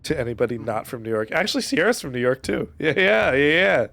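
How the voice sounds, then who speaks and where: A man's voice: mid-range voice, very animated, fast talker, gravelly, a bit bright, faint music behind. A man with a neutral American accent running a tabletop game on a live stream, joking, swearing and laughing often. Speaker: game master. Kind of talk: casual banter on a stream.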